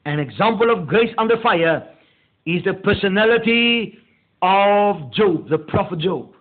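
A male pastor delivering a meditative sermon, slow and deliberate, leaning hard on key words. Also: sits high, expressive. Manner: slow, deliberate preaching with drawn-out emphasis. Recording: tinny phone-like audio.

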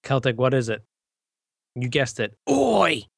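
A man on a casual comedy podcast who keeps throwing in teasing wisecracks. His voice sits at an ordinary middle pitch. The recording is dry and close, with no room sound. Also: fairly bright tone, no room sound. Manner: quick teasing jokes and wisecracks. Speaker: podcast co-host.

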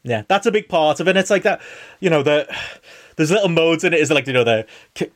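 A man co-hosting a casual podcast chat, animated and rambling, laughing often between points. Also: fairly high pitch, fast. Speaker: podcast co-host.

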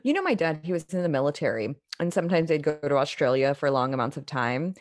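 A woman's voice: deep voice, expressive, fast talker, dry recording. A woman hosting a podcast, chatting casually and teasing her guest, laughing often. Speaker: podcast host.

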